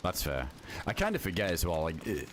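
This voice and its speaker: A man's voice: low voice, wildly swooping pitch, brisk, a little hiss or hum. A man streaming a survival game and chatting casually, rambling and swearing often. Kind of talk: casual gameplay commentary.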